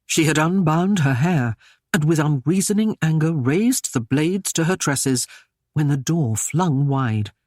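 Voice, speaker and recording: A man narrating a historical romance audiobook in a measured, even storytelling manner. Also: a little high, dry recording, clean studio sound. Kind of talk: scripted narration.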